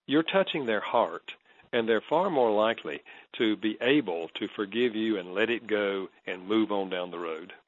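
A man, a counselor, calmly explaining advice in an interview and telling stories with quoted dialogue. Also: lowish voice, lo-fi sound. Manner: calm, measured, storytelling with quoted dialogue. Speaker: marriage counselor and author as guest.

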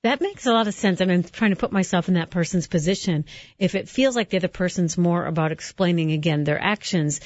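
A woman's voice: lowish voice, quick pace, a little mellow, no room sound, muffled recording. A woman hosting an interview, reflecting on the guest's points and guiding the talk. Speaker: host. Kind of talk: radio-style interview hosting.

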